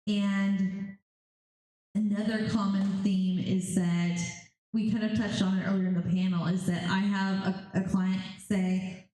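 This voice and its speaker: A woman's voice: mid-range voice, level tone, measured pace, dark tone. A woman medium telling stories on a convention panel, animatedly acting out the voices of spirits and clients. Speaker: psychic medium. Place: large convention hall. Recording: very echoey hall.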